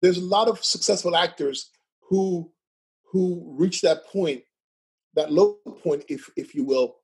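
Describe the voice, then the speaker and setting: A man's voice: sits high, unhurried, husky. A man telling stories as a guest in a casual chat, who laughs often, keeps asking "right?" and stutters at times. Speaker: podcast guest.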